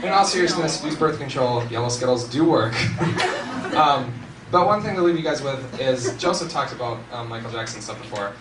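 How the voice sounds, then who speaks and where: A young man doing stand-up comedy in a large hall, animated and laughing often, with bursts of shouting. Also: mid-range voice, moderate pace. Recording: roomy hall, distant mic, noisy.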